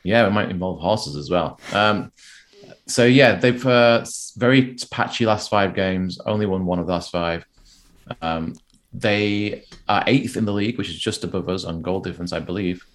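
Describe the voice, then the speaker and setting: A man co-hosting a casual football podcast, chatty and self-deprecating, laughing often. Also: sits low. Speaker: podcast co-host.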